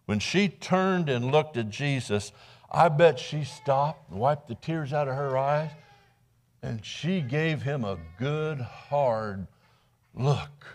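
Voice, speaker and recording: Midwestern male preacher, mid-pitched, chatty storytelling sermon delivery in a church. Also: takes it slowly. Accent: Midwestern American. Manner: conversational storytelling, dramatic acted quotes; repeats words when restarting. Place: church sanctuary.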